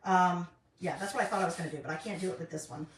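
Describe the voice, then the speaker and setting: A woman's voice: lowish voice, fairly even intonation, rapid-fire. A middle-aged woman chatting casually while she works on a craft, rambling with lots of ums. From North Carolina, US. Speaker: craft vlogger. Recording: roomy, distant, faint noise.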